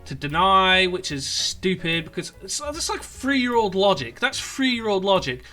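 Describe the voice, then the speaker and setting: Brit guy ranting sarcastically, kinda high bright voice, light music behind. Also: big pitch swings, a little slow. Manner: sarcastic, mocking, rambling. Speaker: political commentator. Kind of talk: online commentary video.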